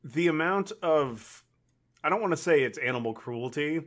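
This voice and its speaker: A man's voice: fairly high pitch, expressive, normal speed. A man co-hosting a podcast, casually retelling movie scenes, acting out the characters' lines and swearing now and then. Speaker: podcast co-host. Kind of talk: casual chat.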